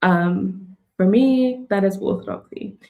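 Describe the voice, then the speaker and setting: A woman in casual conversation who speaks thoughtfully and hesitantly, with many pauses and fillers. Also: medium pitch, phone-quality sound. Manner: thoughtful, hesitant, full of ums and likes.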